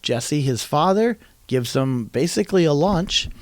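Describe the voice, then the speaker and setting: A man's voice: fairly high pitch, lively intonation, measured pace, hardly any pauses, no room sound. A man preaching a sermon, retelling a story animatedly and acting out quoted lines in a raised voice.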